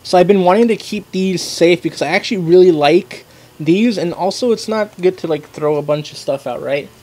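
A man's voice: high voice, normal speed, a little mellow. A young man casually chatting as he unboxes trading cards and reads the card text aloud, with lots of fillers.

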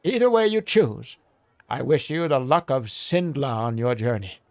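Old wrinkled villager, wry and theatrical, drawn-out talk, lively swoops, dry close sound, a man doing the voice. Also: mid-range voice, no echo, lightly acted. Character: weathered old male hill dweller, wry and talkative. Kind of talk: reading a game aloud with character voices.

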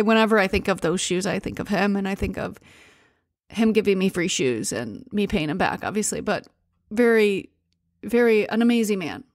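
A woman's voice: on the high side, no echo, studio quality. A woman from the United States hosting a podcast, telling stories in a chatty, rambling way with fillers and self-corrections. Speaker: podcast host. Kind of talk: casual storytelling monologue.

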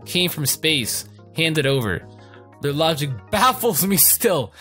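Animated, joking young man narrating gameplay. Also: a little high, measured pace. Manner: profane, joking, rambling, reacts loudly. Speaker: let's play gamer. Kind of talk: casual gameplay commentary. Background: faint game music.

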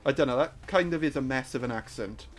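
A man giving live gameplay commentary, excitable and trash-talking, swinging from muttering to shouting. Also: mid-range voice, fast talker, soft background music. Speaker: gaming YouTuber.

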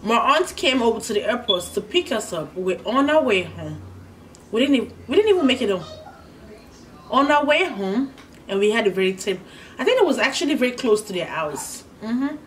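A woman's voice: fairly high pitch, sing-song. A woman from Nigeria with a Nigerian English accent, hosting a casual mukbang, telling a story while eating and humming over her food. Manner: chatty and storytelling, pausing to eat with hums of enjoyment. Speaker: vlogger, host of the channel. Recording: slightly distant mic with faint background noise.

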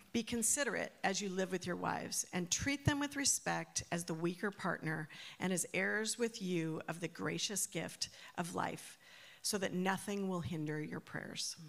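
A woman reads scripture aloud at a measured, even pace. Her voice sits fairly low and carries a gravelly rasp. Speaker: scripture reader.

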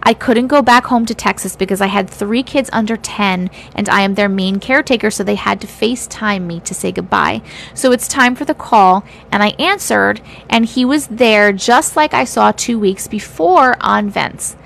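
A woman hosting a livestream, reading viewers' stories aloud with feeling, pausing to react and teasing her chat bluntly. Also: mid-range voice, vocal fry, fairly bright tone, slight background noise.

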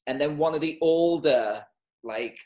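A man in his forties with a Teesside accent, telling a personal story as an interview guest in a halting, emotional way with many restarts. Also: a little high, roomy sound. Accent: Teesside English. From North East England. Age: 40s.

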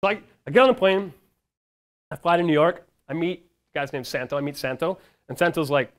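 A man giving a casual conference talk to founders, telling a story in a lively way, acting out what others said, with frequent ums and the odd swear word. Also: fairly high pitch, fairly quick. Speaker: founder speaking to startup founders.

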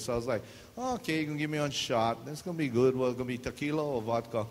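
A man's voice: mid-range voice, fast talker. Man, pastor, joking sermon, long church reverb, faint hiss. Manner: joking, animated, acts out dialogue. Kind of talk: humorous sermon storytelling.

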